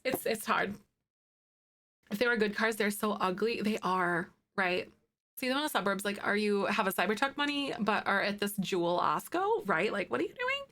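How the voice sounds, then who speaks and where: Mid-range and a bit bright, this woman's voice comes from a home streaming setup with a green screen. She's in her thirties, chatting casually with live viewers, bubbly and giggly while gushing over things she loves.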